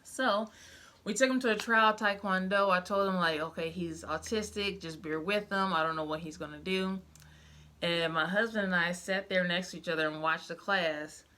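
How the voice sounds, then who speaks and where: Talking straight to camera, this young woman shares stories of motherhood in a casual, emotional way, filling her speech with fillers. She speaks at a moderate pace in a lowish, bright voice with a forceful edge.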